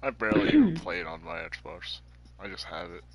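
Guy joking around on a stream, low gravelly voice, really bouncy pitch. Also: sing-song, moderate pace, crowd noise. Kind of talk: casual chat.

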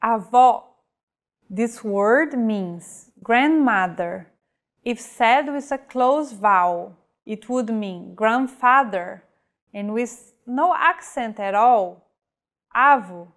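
A woman's voice: fairly high pitch, animated, a bit bright. A woman teaching pronunciation in a scripted lesson, speaking carefully and saying each example word on its own. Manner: careful, measured teaching delivery with modeled example words. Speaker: language teacher.

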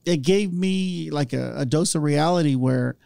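A man's voice: on the high side, normal speed, gravelly, mellow, clean tone, dry recording, studio quality. A man from Orange County, California, hosting a casual podcast chat and telling stories with acted-out voices. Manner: storytelling, acts out voices in anecdotes.

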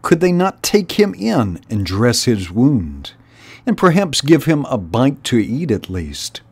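A man reading a children's novel aloud in an unhurried, deliberate way, as host of a storytime channel. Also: medium pitch, huge pitch swings, darkish tone, husky.

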